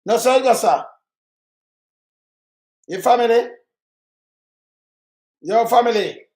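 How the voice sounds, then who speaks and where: A man's voice: extremely high pitch, takes it slowly, a little mellow, reverberant. An older man with a Jamaican accent, talking in blunt, emphatic casual chat. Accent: Jamaican Patois.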